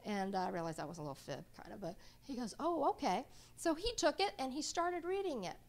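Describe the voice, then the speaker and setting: A woman's voice: mid-range voice, expressive, fast talker. A middle-aged woman presenting a reading workshop to a live audience. She talks in a chatty way and often checks in with her listeners.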